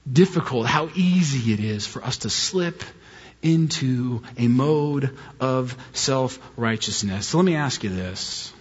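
A middle-aged man preaching a sermon as a pastor, telling a story in a lively way and mimicking high-pitched voices in his quotes. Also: slow, husky. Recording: dull audio with long hall reverb.

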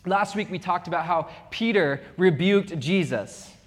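A young man preaching a sermon as pastor, with animated, humorous storytelling. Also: high voice, a little slow. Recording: long reverb of a big hall.

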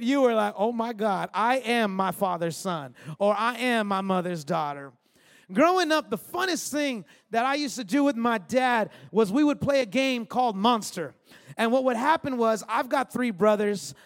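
A pastor in his thirties preaches with a strikingly high voice, telling stories and tossing in emphatic little asides to the congregation. His sermon rings out with the long reverb of a large hall. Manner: storytelling, conversational, emphatic asides.

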